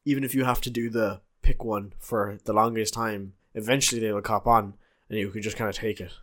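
A man's voice: on the low side, steady tone, brisk, a bit bright. A young man, chatting casually and agreeably on a podcast, adding his own points. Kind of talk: casual chat.

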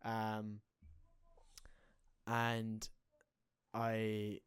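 A young Irish man talks casually in a low voice, often stopping to restart or correct what he's saying. The sound is dry and close, with no room around it. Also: completely flat delivery, extremely slow, smooth, no echo. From Ireland. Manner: rambling, self-correcting storyteller. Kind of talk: casual chat.

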